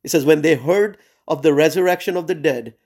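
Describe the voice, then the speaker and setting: Man, Bible study teacher, urgent sermon style, fillers, slightly high voice, video call. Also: a little fast, darkish tone. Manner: earnest and urgent, frequent "uh" and "right?" fillers. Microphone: Zoom call.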